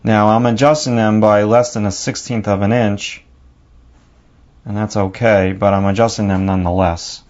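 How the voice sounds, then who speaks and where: A man's voice: on the low side, steady tone, normal speed, a little mellow, highs cut off. A man with a New York accent narrating a drawing lesson, talking casually and thinking aloud as he works. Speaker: drawing teacher.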